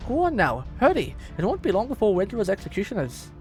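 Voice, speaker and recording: A man voicing a gruff, protective old blacksmith who talks brusquely and urgently. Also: sits high, wildly swooping pitch, fast, soft background music, voice pushed up, full character voice.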